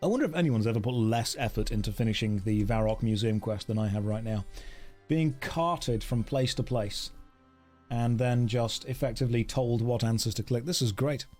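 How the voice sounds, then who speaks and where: A man's voice: medium pitch, moderate pace, darkish tone, faint music behind. A man chatting playfully with viewers during a casual game stream, joking as he plays.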